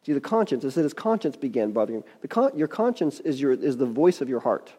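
A man's voice: mid-range voice, sing-song, fast talker, dark tone, breathy edge. A man preaching a sermon, reading scripture and adding folksy, conversational asides.

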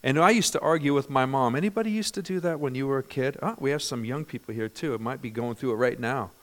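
A middle-aged man from California preaching a sermon, lively and humorous, often asking the congregation questions. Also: mid-range voice, fast talker. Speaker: pastor.

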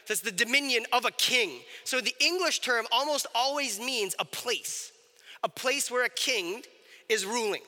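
Bright, high-voiced man preaching in a hall. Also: normal speed. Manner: conversational, animated, asks the audience questions. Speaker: pastor. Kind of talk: sermon.

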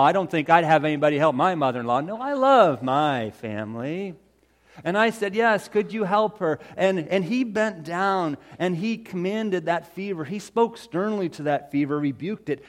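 A man playing the fisherman Peter, telling a Bible story in the first person in a folksy, conversational way that swings from loud to hushed. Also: on the high side, lightly acted. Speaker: storyteller in character.

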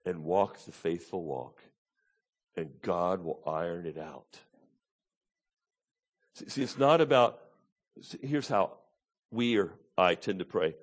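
A man preaching a sermon, drops to low, quiet asides, then rises to loud, high, pleading tones as he voices the psalmist. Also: very animated, moderate pace. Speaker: pastor.

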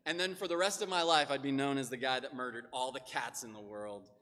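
A man's voice: medium pitch, fairly even intonation, a little fast, sharp tone. A man preaching a sermon in a conversational, casual way, with loose asides and filler words. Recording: long hall reverb.

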